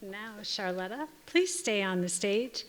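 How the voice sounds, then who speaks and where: A woman emceeing an award ceremony, reading scripted introductions in a formal, measured way. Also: mid-range voice, expressive. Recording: reverberant hall.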